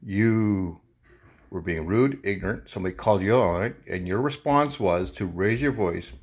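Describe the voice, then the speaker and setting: A man vlogger casually recounting a confrontation in an animated, indignant way. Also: fairly low pitch, moderate pace. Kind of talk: casual storytelling to camera.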